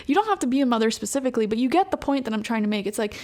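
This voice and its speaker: A woman's voice: on the high side, expressive, very fast, hardly any pauses. A young woman giving a pick-a-card tarot reading to viewers, chatty and emphatic, getting worked up as she talks. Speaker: tarot reader.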